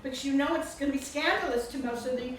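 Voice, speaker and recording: An older woman talks fast in a voice that sits high, giving a casual, laughter-filled introduction of an author at a book event. She comes across as warm and chatty; the indoor reception room is echoey and noisy, and the mic is distant.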